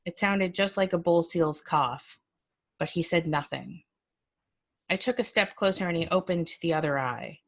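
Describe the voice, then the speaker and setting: A woman reading a first-person story aloud, the way a librarian does at a story hour. Her voice sits on the low side, and her narration is measured, dry and expressive.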